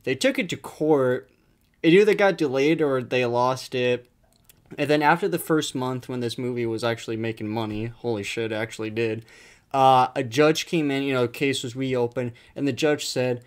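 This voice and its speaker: A man's voice: medium pitch, moderate pace. A young man hosting his own video, talking casually about a cheap movie with lots of swearing, laughs and fillers. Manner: animated storytelling, frequent swearing and fillers. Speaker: video host reviewing a movie. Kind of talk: casual profane movie talk.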